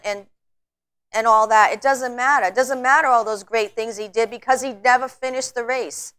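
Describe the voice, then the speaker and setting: A middle-aged woman teaching a Bible study, earnest and exhorting, slowing down to read scripture aloud. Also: on the high side, fairly bright tone, clean tone.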